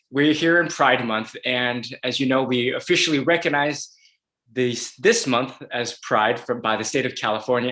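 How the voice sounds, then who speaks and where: A man's voice: medium pitch, bright, forceful tone, echoey room. A man hosting a video interview as a legislator, upbeat and reading an introduction with some fillers. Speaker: host, state legislator.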